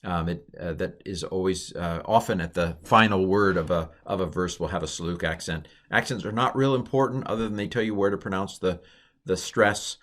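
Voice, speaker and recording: A middle-aged man calmly explaining a language lesson in a recorded online course, with frequent ums and uhs. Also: deep voice, a little fast. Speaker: Hebrew teacher.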